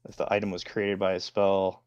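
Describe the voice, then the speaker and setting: Low-voiced man player, dry close sound. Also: completely flat delivery, brisk, darkish tone, clean tone, no room sound, lo-fi sound. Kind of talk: casual tabletop play.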